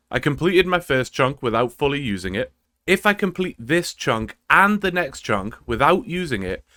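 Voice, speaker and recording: A man narrates his gameplay in a relaxed, wry way, laying out rules and plans for his viewers. His voice sits at an ordinary middle pitch. The sound is close and dry, with no room around it. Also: no room sound. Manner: casual, wry, explanatory. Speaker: gaming video creator. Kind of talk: gameplay commentary.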